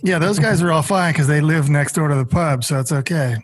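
A man's voice: a little high, a little fast, a loud crowd. A man hosting an interview, asking curious questions and cracking jokes. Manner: curious and joking. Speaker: podcast host.

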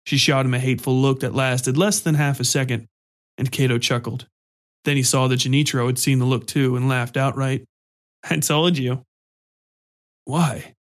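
A man reading a story aloud in a steady, even narration. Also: mid-range voice, fairly quick.

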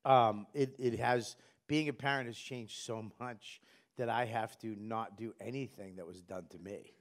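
A middle-aged man, telling profane stories loudly in casual podcast chat. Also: on the low side, measured pace. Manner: loud, profane, animated storytelling. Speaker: guest comedian.

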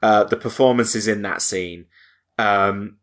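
A man's voice: fairly low pitch, fairly even intonation, takes it slowly, a bit bright. A man in casual podcast talk about a film, hesitant and full of restarts. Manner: hesitant, restarts often, chatty. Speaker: podcast panelist.

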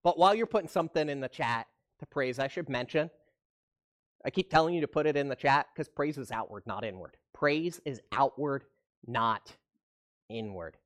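A man's voice: mid-range voice, moderate pace, a bit bright. A man preaching a livestreamed sermon, talking casually and often asking his listeners questions. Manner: conversational preaching, asks the audience questions. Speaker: pastor.

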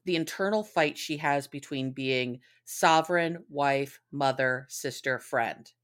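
A woman in her forties, a podcast co-host, telling stories in casual, expressive chat and swearing freely. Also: rumbling low, slow pace.

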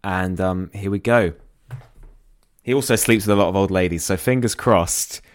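A man co-hosting a comedy podcast, giggly and animated. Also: low-pitched, moderate pace, clean tone. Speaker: podcast co-host. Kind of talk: casual comedic banter.

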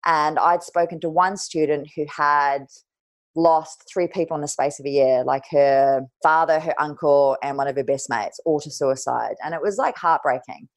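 A woman's voice: sits low, moderate pace. A young woman, a guest on a podcast, telling a personal story in a candid, casual way. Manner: candid, casual, swears lightly.

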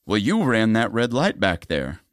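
A man's voice: fairly low pitch, huge pitch swings, normal speed, no echo, clean studio sound. Guy putting on a folksy small-town cop, drawly, voice swings up and down a lot. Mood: stern. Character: small-town male police officer, folksy.

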